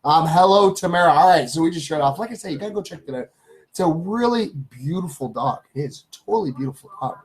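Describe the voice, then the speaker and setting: A man's voice: fairly high pitch, lively intonation, fast. A man hosting a live stream, casually reading good-news stories aloud and greeting viewers in the chat, with many ums and uhs.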